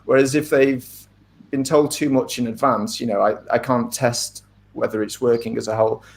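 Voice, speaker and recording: Interviewed casually about his craft, a middle-aged author speaks in a thoughtful, measured way, scattering ums and side remarks throughout. His gravelly voice sits at an everyday middle pitch with fairly even intonation.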